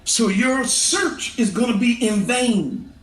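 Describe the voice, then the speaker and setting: A man preaching a street sermon, impassioned, often shouting and laughing as he swings between high and low. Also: slow pace, roomy sound, faint music behind.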